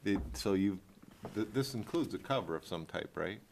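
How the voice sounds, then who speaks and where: A man runs a small municipal board meeting with brisk, procedural efficiency, pressing staff with pointed questions. His voice sits on the low side, with a faint hiss of noise behind him. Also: lively intonation, vocal fry, darkish tone. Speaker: meeting chair.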